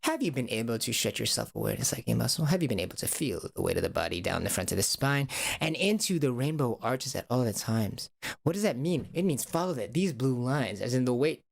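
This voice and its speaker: A man's voice: medium pitch, very animated, a little fast, vocal fry. A man hosting a stream, coaching body awareness in a playful, repetitive call-and-response style. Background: music.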